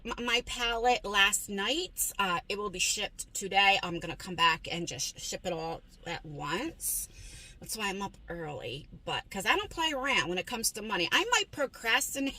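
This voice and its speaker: A woman's voice: mid-range voice, sharp tone, no echo, rough recording. A woman rambling casually as she runs errands, chatting and correcting herself as she goes. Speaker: vlogger. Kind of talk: casual chat. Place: in a car and out running errands.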